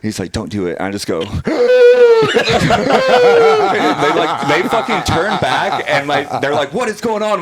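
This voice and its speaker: A man, a former pararescue operator, telling a wild story as a podcast guest, swearing freely and laughing as he goes. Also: mid-range voice. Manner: profane, animated, laughs through the telling. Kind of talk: casual storytelling.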